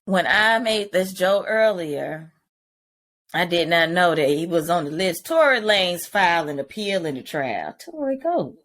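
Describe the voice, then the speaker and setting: A woman's voice: fairly low pitch, lively intonation, unhurried, fairly bright tone. A woman co-hosting a podcast in casual chat, blunt and joking with a slangy manner. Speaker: podcast co-host. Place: Atlanta.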